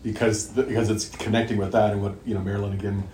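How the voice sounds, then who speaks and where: A man's voice: on the low side, little pitch movement, fast talker, darkish tone, slight background noise. A middle-aged man talking earnestly and at length in a casual faith conversation, circling back and stressing his points. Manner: earnest, rambling, emphatic. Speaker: podcast co-host. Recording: echoey room, faint ambience.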